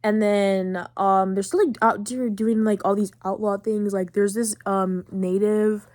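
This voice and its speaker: A teenage girl hosting a podcast who recaps a video game in a chatty, excitable way, full of fillers. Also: mid-range voice, a little slow, no echo, studio quality. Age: late teens. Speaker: podcast host.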